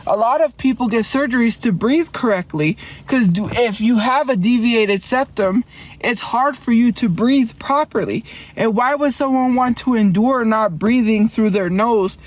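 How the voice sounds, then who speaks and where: A woman livestreaming from inside a car, chatting in a rambling, defensive way and answering her chat with quick laughs. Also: fairly high pitch.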